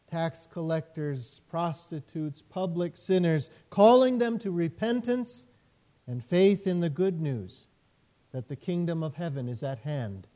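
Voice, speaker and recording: A man, a pastor, preaching a sermon in a measured way, repeating phrases with emphasis. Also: a little high, dark tone.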